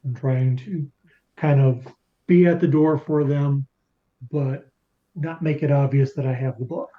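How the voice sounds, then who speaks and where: A man's voice: mid-range voice, steady tone, measured pace, phone-quality sound. A man playing a tabletop game over a call, describing his character's actions hesitantly, thinking aloud. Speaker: player. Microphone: remote call setup.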